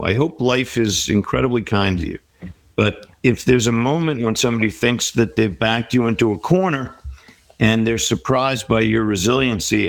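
A man's voice: medium pitch, no echo. A middle-aged man speaking as an interview guest, giving reflective, encouraging advice in a conversational way. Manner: reflective, advice-giving, with quoted inner voices.

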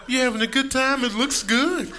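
A man voicing a pitiful hungry dog begging at the table, whiny and high. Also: steady tone, moderate pace, background noise.

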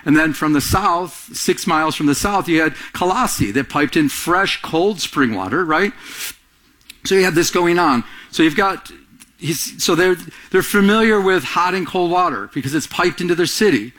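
A man delivering a sermon in a fairly high voice. He preaches with animation and lifts his voice to act out the quotes. He often repeats and restarts his phrases as he goes. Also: normal speed. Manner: animated preaching, acting out quotes with rising pitch. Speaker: pastor.

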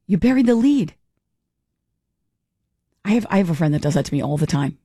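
A woman's voice: lowish voice, fast talker, long pauses, dry recording. Chatty talk-radio woman, dry studio sound. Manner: chatty, animated, acts out little dialogues. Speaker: radio talk show host. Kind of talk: casual talk radio commentary. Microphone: studio microphone.

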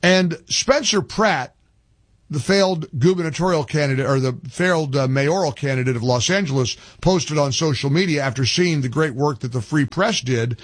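A man hosting opinionated political commentary, talking in an animated, indignant way, rambling with restarts. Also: on the high side, moderate pace, no echo. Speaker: commentary host.

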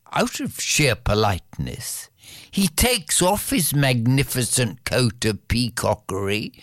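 Storyteller spinning a folktale, slow and sing-song, dry close mic. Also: medium pitch, a bit bright, dry recording. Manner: rhythmic, repetitive, dramatic pauses. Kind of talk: oral folktale telling.

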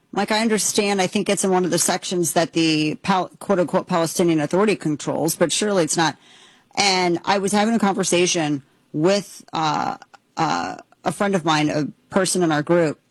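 A woman's voice: on the low side, dry recording, low-quality recording. An American woman hosting political commentary, emphatic and opinionated, rambling with frequent restarts. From United States. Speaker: commentary host.

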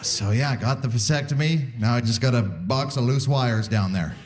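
A man in his forties from Canada doing a stand-up set, animated, jumping into high squeaky voices for his bits. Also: normal speed. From Saskatoon, Canada. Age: 40s. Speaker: stand-up comedian. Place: live comedy venue with audience. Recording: live set with audible crowd noise.

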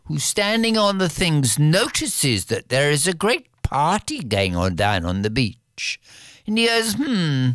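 Slow, lively-pitched fairy-tale storyteller. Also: smooth, no room sound, studio quality. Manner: expressive, playful, repetitive rhythms.

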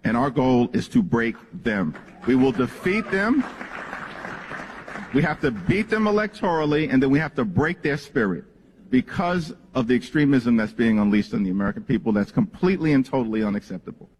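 A man's voice: mid-range voice, expressive, normal speed, a little mellow, a faint crowd, a little hiss or hum. A man giving a firm, combative public statement, heard in a played clip. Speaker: politician at a press event. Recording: clip with long hall reverb.

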